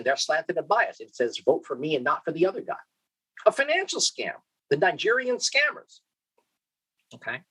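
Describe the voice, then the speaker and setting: On a low-quality recording, a man with a high-pitched, slightly rough voice delivers a conference keynote lecture. He asks the audience rhetorical questions and keeps saying "okay?", with a lively, questioning manner and plenty of restarts.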